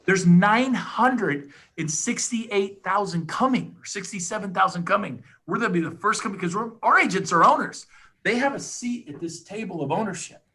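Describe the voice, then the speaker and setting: A middle-aged man giving an enthusiastic, emphatic sales pitch as a podcast guest. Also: expressive, bright, forceful tone, slightly rough. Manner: fired-up, rapid, emphatic, salesy. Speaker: podcast guest, real estate agent.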